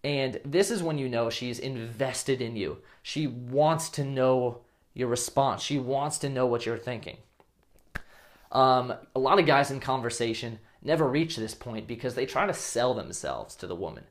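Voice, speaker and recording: A man's voice: mid-range voice, measured pace. A man talks straight to the camera in a casual advice video. He is blunt and coarse at times, and slips into acted example lines as he explains. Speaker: dating coach.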